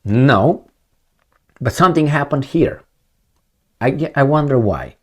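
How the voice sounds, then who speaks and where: A man giving blunt solo commentary, firing rhetorical questions and swinging between loud and soft. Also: medium pitch, animated, unhurried. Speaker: political commentator.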